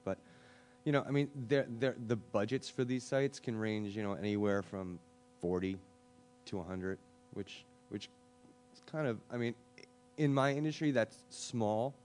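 A man speaking casually on a discussion panel, chatty and full of fillers and quick asides. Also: lowish voice, darkish tone, faint music behind. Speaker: web design panelist.

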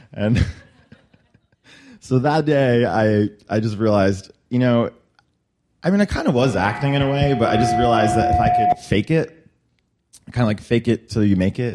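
A young man telling a personal story to a room, lively, with high squeaky voices for quotes. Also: normal speed, pauses often. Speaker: storyteller at a workshop.

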